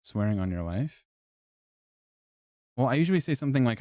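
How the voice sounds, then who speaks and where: A man's voice: lowish voice, fairly quick, long pauses, a little mellow, no room sound, studio quality. A man streaming live, ranking things in casual, profane, joking commentary and laughing often.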